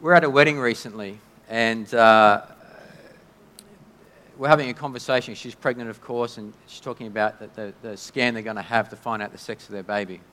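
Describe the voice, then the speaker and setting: A man preaching a sermon in a conversational, halting way, often restarting his sentences. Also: medium pitch, fairly even intonation, bright, forceful tone. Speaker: pastor. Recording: long hall reverb.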